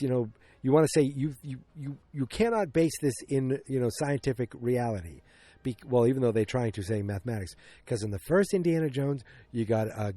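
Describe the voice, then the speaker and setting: This podcast host is a man with a warm, medium-pitched voice, recorded with no room sound. He recaps a film casually, rambling and restarting often while acting out bits of dialogue.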